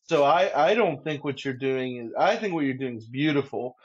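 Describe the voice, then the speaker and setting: A man's voice: mid-range voice, lively intonation, slightly rough. Brief: male co-host on a podcast, friendly, stumbles through sentences, slightly muffled. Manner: halting, filler-heavy, friendly. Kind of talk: casual podcast chat.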